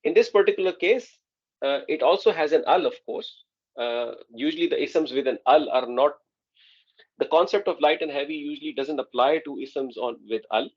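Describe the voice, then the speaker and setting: A man's voice: on the high side, moderate pace, muffled recording. A man teaching an Arabic grammar class online, explaining patiently and often checking that students follow.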